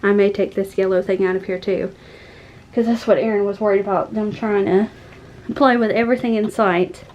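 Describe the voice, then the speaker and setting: A woman, chatting casually at home and cooing to her cats in a high sing-song voice. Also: fairly even intonation, brisk, highs cut off, slight background noise. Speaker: vlogger. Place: home room with pets.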